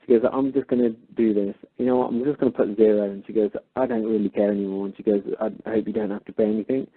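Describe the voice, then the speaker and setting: A man retelling a phone call, acting out both sides of the dialogue with animated emphasis. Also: lowish voice, quick pace, husky. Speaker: caller.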